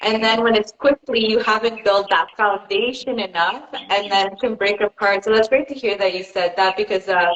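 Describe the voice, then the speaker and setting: A woman's voice: medium pitch, moderate pace, hardly any pauses, a bit bright, reverberant, muffled recording, a little hiss or hum. A woman podcast host asking questions in a casual interview, chatty and encouraging, with many "like" fillers.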